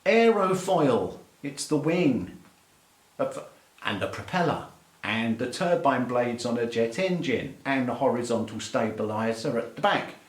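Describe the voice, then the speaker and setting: A middle-aged Englishman from England, an aviation English teacher, delivers a playful, mock-exasperated rant to camera. His voice is medium in pitch and his English accent carries through an echoey room.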